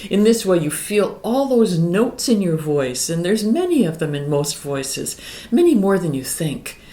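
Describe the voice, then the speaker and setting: Middle-aged woman voice coach, lowish voice, talks you through warmups, roomy echo, piano behind. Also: measured pace. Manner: calm, explanatory, breaks into sung exercises. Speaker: vocal coach. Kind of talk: singing lesson with demonstrations. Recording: echoey room with piano.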